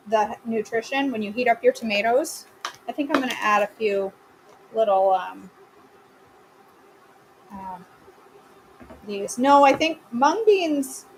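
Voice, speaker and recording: A woman's voice: high voice, background noise. A woman hosting a live cooking stream from her home kitchen, chatting casually and answering viewers by name with playful, self-mocking humor.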